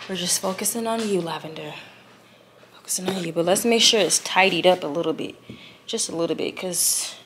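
A woman's voice: lowish voice, brisk, fairly bright tone, slight background noise. A woman vlogging at home at night, chatting casually to her viewers as she gets ready, recorded on a camera on a tripod. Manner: chatty, addresses viewers as y'all.

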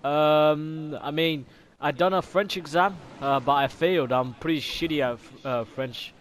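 A brash, foul-mouthed Aussie gamer bloke, put on by a young man trolling strangers in game voice chat. He talks in a slightly high voice, full of slang and casual curses. Clear gunfire and mouse clicks from the game sound behind him. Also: unhurried, slight background noise, close to an everyday voice. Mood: confused. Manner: slangy, swears constantly, laid-back banter.

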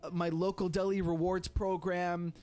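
A young man with a fairly high voice spins a rambling, animated story for his livestream, peppering it with fillers and the occasional swear. Soft music plays faintly behind him. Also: normal speed. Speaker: streamer.

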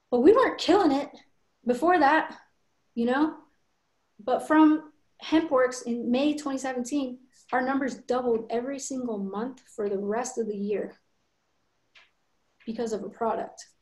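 A woman's voice: a little high, a little mellow, echoey room. Earnest woman coaching on a video call. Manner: earnest, fast storytelling with conviction. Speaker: guest coach.

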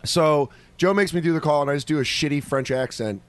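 A man with a slightly high voice hosting a laid-back comedy podcast. He talks in loose, joking banter and gets combative and foul-mouthed when teased by his guests. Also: brisk, no echo. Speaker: podcast host.

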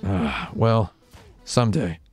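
A man hosting a casual interview in a small studio, deadpan and rambling, with music behind. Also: fairly low pitch, slow, husky. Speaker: host.

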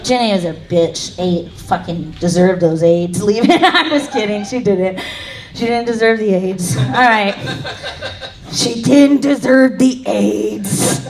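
A woman's voice: mid-range voice, measured pace, faint music behind. Woman doing rambling stand-up. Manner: rambling, self-mocking, laughs at own jokes. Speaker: stand-up comic. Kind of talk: live stand-up set. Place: comedy club stage.

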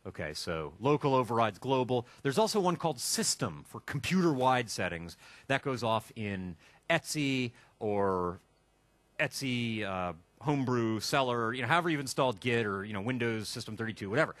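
A man teaching a live software workshop, joking and chatting as he thinks aloud and types. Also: medium pitch, lively intonation, normal speed, no echo. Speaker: instructor. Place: classroom with a live audience.

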